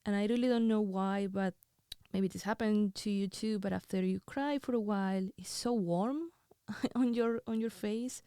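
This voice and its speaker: Tearful woman with a mellow voice. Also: medium pitch, smooth, no echo, studio quality. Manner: emotional, halting, intimate. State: crying. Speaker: host. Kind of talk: confessional reading of her own writing.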